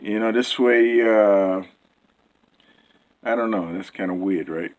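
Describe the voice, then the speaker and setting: A man's voice: fairly low pitch, takes it slowly, a little mellow, poor audio. A man rambling through a casual home cooking vlog, full of fillers and restarts, joking with himself as he talks. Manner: jokey, self-amused. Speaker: cooking video host.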